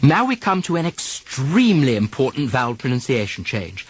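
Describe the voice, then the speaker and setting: A man's voice: medium pitch, sing-song, moderate pace, slightly rough. A man teaching an accent lesson, carefully demonstrating vowels and stresses and asking listeners to repeat after him. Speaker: dialect coach.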